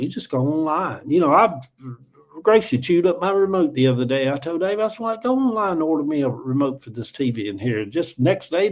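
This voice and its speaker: A man's voice: on the high side, darkish tone. A middle-aged man with a Southern accent from Georgia, chatting casually on a livestream, rambling in a folksy way and reading viewer comments aloud. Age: 40s or older. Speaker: livestream host.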